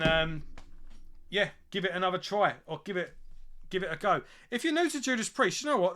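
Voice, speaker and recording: A man's voice: fairly high pitch, bright, forceful tone. A man hosting a music channel, chatting casually and enthusiastically with lots of fillers and restarts. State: drinking beer. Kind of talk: casual chat.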